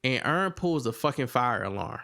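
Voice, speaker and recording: A man recaps a TV episode in a loose, casual podcast chat. He has a mid-range voice that jumps much higher when he quotes the characters. His talk stays rambling and animated, full of restarts. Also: normal speed, creaky. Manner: animated retelling, acts out characters' lines in a raised voice. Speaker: podcast co-host reviewing a TV episode.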